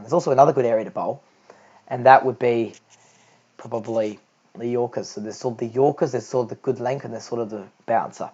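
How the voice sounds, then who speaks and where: A teenage boy giving rambling, low-key homemade cricket commentary and often correcting himself mid-sentence. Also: steady tone, brisk, a little mellow, husky. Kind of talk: homemade live audio commentary. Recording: dull lo-fi recording.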